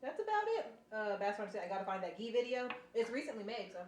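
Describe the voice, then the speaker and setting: A woman's voice: fairly high pitch, animated, fast, a little mellow, low-quality recording. Giggly enthusiastic woman reading comments. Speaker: host's wife, taste tester. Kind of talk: casual chat, reading comments.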